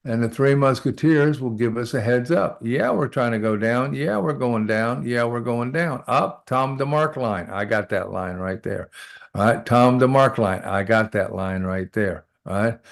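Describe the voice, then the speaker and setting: A man teaching a live trading lesson, talking through charts aloud and often checking in with "all right?". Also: mid-range voice. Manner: repeats short phrases while working. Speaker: trading instructor.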